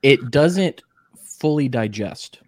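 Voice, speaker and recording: Man, podcast host, casual joking chat, mid pitch, dry close sound. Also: expressive, slow pace, dry recording. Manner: joking, eats spicy jerky while talking.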